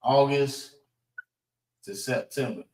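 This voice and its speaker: A man teaching a class, slowly sounding out letters and checking in with the group as he goes. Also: mid-range voice, a little mellow, distant mic, a little hiss or hum. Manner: slow and deliberate, sounding out letters, frequent "all right" checks. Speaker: class instructor. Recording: roomy echo.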